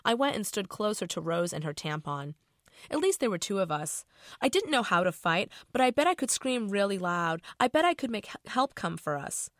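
A woman's voice: medium pitch, very animated, moderate pace, no echo, studio quality. A middle-aged woman author reading her novel aloud in a casual, profane first-person voice.

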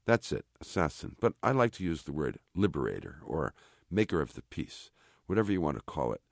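A man reading aloud, voicing a chatty, bossy army sergeant in an offhand, brisk manner. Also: very deep voice, sing-song, vocal fry, dry recording, studio quality, full character voice. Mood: explaining. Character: gruff chatty male army sergeant, blunt.

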